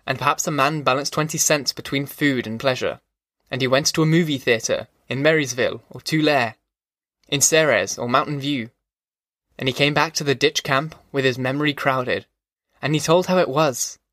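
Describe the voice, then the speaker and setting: Measured male audiobook narrator. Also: mid-range voice, a bit bright, dry recording, clean studio sound. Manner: slow, measured, rhythmic reading. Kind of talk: scripted literary narration.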